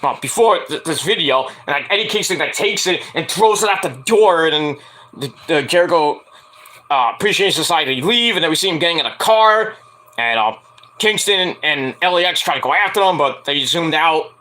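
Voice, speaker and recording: A man's voice: on the high side, expressive, normal speed, sharp tone. A man casually recapping a wrestling show, rambling with lots of "like" and "uh" fillers. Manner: rambling, heavy use of "like" and "uh" fillers; acts out quoted lines in a raised voice.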